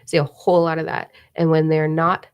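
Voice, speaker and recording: Woman w/ a low gravelly voice, fired-up spiritual livestream rant, swears a lot. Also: brisk. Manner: animated, swears freely, mock voices and whispers for effect. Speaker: spiritual live-stream host. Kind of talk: casual live-stream talk.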